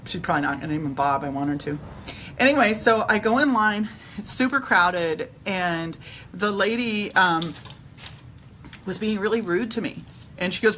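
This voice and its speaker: A woman's voice: on the low side, sharp tone, a little hiss or hum. A middle-aged woman chatting casually while doing her makeup, retelling an everyday run-in with quoted back-and-forth dialogue. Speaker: vlogger.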